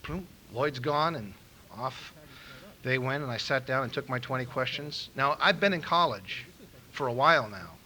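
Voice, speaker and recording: A middle-aged man from Los Angeles speaking at a recovery meeting, telling an animated story and acting out the quotes. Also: medium pitch, moderate pace, poor audio. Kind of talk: storytelling talk. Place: meeting room in a school.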